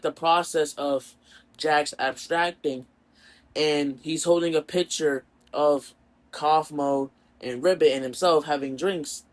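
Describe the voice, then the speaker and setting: A man casually retelling his rewrite of a story, rambling with lots of fillers. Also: fairly high pitch. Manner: rambling, filler-heavy, animated. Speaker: storyteller and video creator.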